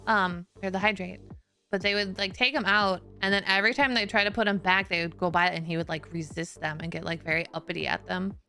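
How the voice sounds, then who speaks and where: Bright-voiced woman chatting casually on stream. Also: lowish voice, steady tone, brisk, soft background music. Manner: chatty and storytelling, laughs often, many "like" fillers. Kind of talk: casual chat.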